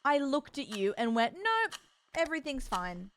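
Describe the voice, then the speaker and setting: A young woman with a soft Australian accent chatting casually on a live stream. She is bubbly and chatty, gushes with excitement, and fills pauses with frequent ums. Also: high voice. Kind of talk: casual live-stream chat with a sponsor read.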